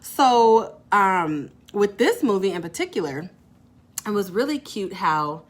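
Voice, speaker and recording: Animated middle-aged woman, casual live-stream host, quick asides and laughs. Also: mid-range voice. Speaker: host of a live parenting chat. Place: her salon suite.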